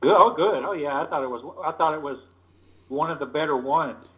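A man's voice: on the high side, a little fast. A man calling into a podcast, giving short, terse answers in casual chat. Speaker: podcast guest on the phone. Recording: tinny phone line.

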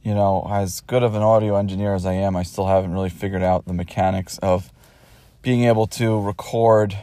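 A man's voice: low voice, steady tone, fairly quick, dark tone, no room sound. A man hosting a casual solo podcast, talking in a wry, rambling way with many fillers while recording on his phone in his parked car. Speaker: podcast host.

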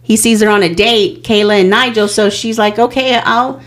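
A woman's voice: mid-range voice, steady tone, a little fast. A woman co-hosting a casual podcast, recapping a reality show with many fillers. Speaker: podcast co-host.

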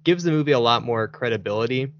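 A man's voice: mid-range voice, fast, highs cut off, a little hiss or hum. A man hosting a casual podcast chat, rambling and laughing often. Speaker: podcast host.

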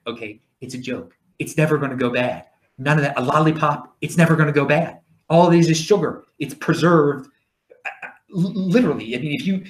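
A man with a Baltimore accent talks in a loose, rambling monologue, restarting his words as he goes. His voice sits a little high and swings widely in pitch. The room around him is echoey. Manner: chatty, repeats and restarts words. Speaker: livestream host.

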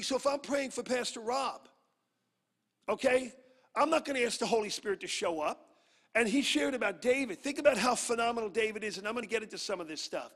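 A man from Brooklyn, New York, preaching a sermon as a guest preacher, energetic and humorous. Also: sits high, a little fast, big-room sound.

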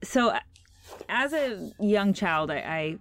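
A woman's voice: medium pitch, animated, takes it slowly, fairly bright tone, a little hiss or hum. A woman in her thirties hosting a podcast, telling a long story in a chatty way with fillers and restarts. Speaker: podcast host. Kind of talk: casual podcast interview.

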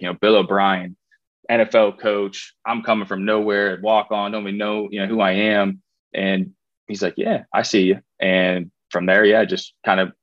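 A man's voice: fairly low pitch, a bit bright, dry recording, muffled recording. Laid-back man telling a story. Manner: rambling, frequent fillers and restarts. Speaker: guest, former college football player. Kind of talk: casual interview storytelling.

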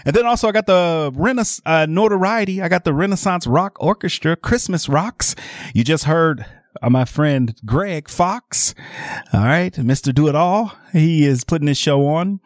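Rambling radio shopping show host. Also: male voice, fairly high pitch, lively intonation, normal speed, dry recording, clean studio sound. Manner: repeats "all right" constantly, rambling salesy. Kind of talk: live radio sales pitch. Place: radio studio. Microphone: studio microphone.

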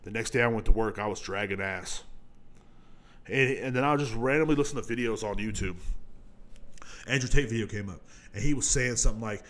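A man's voice: lowish voice, fairly quick, pauses often, fairly bright tone. A man hosting a solo podcast, talking in a profane, rambling, opinionated rant. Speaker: podcast host.

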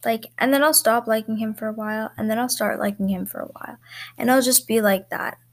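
A young woman with a slightly high voice rambles through a solo podcast, filling her talk with likes and ums. She pokes fun at herself in a loose, casual way. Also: fairly even intonation, brisk. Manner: self-mocking. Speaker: podcast host.

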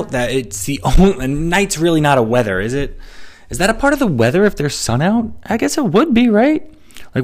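A man hosting a solo comedy podcast, ranting sarcastically about everyday annoyances and mocking people in quick put-on quotes. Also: fairly high pitch, sing-song. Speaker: podcast host. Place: New York City.

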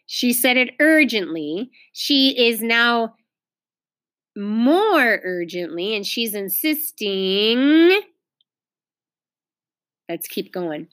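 Woman teacher, reading aloud to kids, questioning and explaining, bright voice, very animated. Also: on the high side, drawn-out words, long pauses. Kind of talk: read-aloud storytelling with comments.

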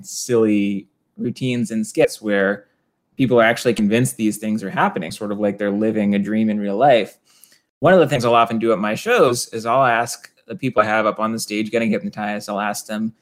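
A man who works as a stage hypnotist, telling stories in an interview in an animated way, often laughing and acting out voices. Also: on the low side. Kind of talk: conversational interview storytelling.

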